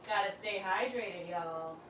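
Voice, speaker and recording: A woman's voice: medium pitch, measured pace, a little hiss or hum. A woman fitness instructor, coaching a live workout with whoops and encouragement. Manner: energetic, whooping, encouraging, says "y'all".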